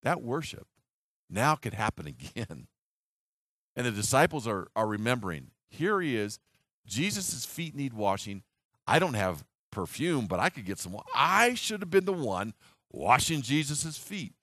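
A man preaching a sermon, telling the story animatedly and dropping to a hushed, slow voice for solemn moments. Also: mid-range voice, no echo, clean studio sound. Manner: animated storytelling, acting out disciples' reactions. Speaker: pastor.

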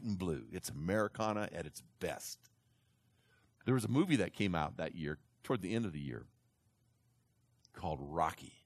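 A man telling a story to an audience in an animated way, slipping into character voices. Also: sits low, dry recording.

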